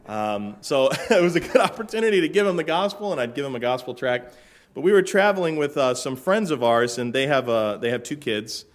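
A man from Florida, a pastor in middle age, opens his sermon with a relaxed, chatty story. His voice is mid-range and easygoing, with dry asides and plenty of filler words. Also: mid-range voice, a little fast. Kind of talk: casual sermon-opening story.

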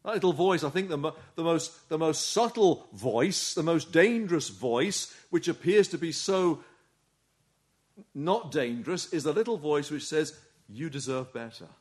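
A man's voice: on the high side, expressive, measured pace, a little mellow, breathy edge. A man preaching a sermon, earnest and urging, often putting rhetorical questions to his listeners.

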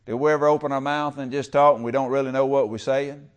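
A man preaching a sermon in church, talking with the congregation and swinging from loud, stretched-out calls to quiet whispers. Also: medium pitch, fairly even intonation, fast. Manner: talks with the congregation, calls for amen and uses y'all. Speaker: pastor.

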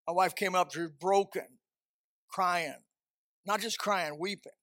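A male preacher with a high, bright, ringing voice delivers a fervent sermon. He tells homespun stories, repeats his key phrases, and often climbs into loud, high-pitched outbursts. The sound is dry and close. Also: a little slow, no room sound. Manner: folksy storytelling with repeated phrases.

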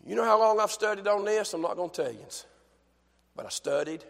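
A male preacher delivering a fervent sermon in a church, dropping to a hush and then building to shouts with repeated phrases. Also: high-pitched, animated, fairly quick, vocal fry, big-room sound.

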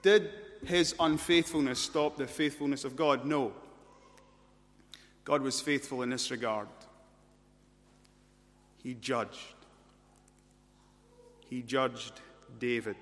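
A man's voice: medium pitch, steady tone, unhurried, pauses often. A man preaching an expository sermon, leaning on rhetorical questions and emphatic repetition. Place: church. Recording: reverberant church hall.

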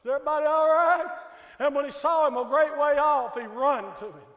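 High-voiced preacher in an echoey church. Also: male voice, a little fast, fairly bright tone, dull audio. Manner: folksy, emphatic, calls out the congregation. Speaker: pastor. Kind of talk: sermon. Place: church sanctuary. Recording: echoey hall with long reverb.

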